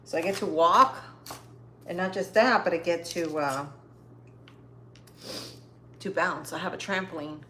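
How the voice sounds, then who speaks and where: A chatty woman talks to her live viewers while she cooks, her voice on the lower side. She sounds upbeat and easygoing. The recording picks up an echoey kitchen with faint background noise. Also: unhurried, long pauses, pushed and bright. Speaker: cooking livestream host. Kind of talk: casual cooking chat to live viewers. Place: home kitchen.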